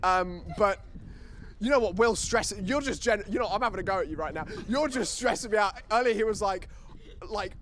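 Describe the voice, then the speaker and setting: High-voiced, rambling young male compere. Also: normal speed, a bit bright. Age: young adult. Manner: rambling, teasing, self-mocking. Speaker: comedy show compere. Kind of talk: compering a stand-up show. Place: student comedy stage before a live audience.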